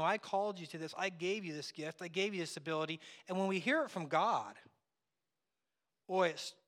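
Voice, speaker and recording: A man pastor preaching a conversational sermon, acting out bits of dialogue and dropping from loud to hushed. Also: sits high. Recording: long hall reverb.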